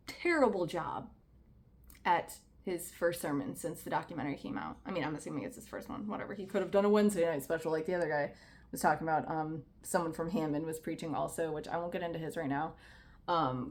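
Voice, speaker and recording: A woman's voice: low-pitched, a little mellow. A woman talking candidly in a casual vlog, earnest and conversational, leaning on "like" a lot. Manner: candid and conversational, heavy use of "like"; earnest, speaks out about personal experience. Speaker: vlogger. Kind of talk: casual commentary to camera.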